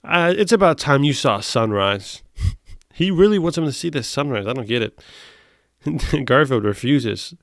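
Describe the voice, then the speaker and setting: A man's voice: mid-range voice, animated, moderate pace, no echo. Man ranting in mock outrage, dry sound. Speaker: host. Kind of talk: comedic reading of comic strips.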